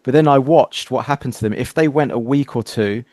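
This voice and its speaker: A man hosting a casual interview, animated as he tells stories and acts out quoted exchanges. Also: mid-range voice, brisk, dry recording. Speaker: podcast host.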